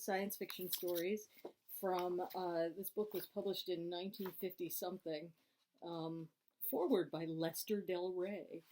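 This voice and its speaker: A woman's voice: medium pitch, dark tone, slight background noise. A woman from Scotland reading an old science fiction story aloud at home, chatty and laughing, stumbling over some words. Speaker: reader. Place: home with dogs.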